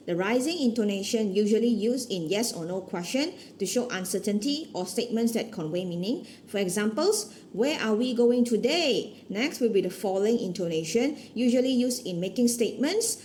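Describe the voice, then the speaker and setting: A woman's voice: medium pitch, a little mellow, a little hiss or hum. Woman reading a class presentation carefully. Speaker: student presenter.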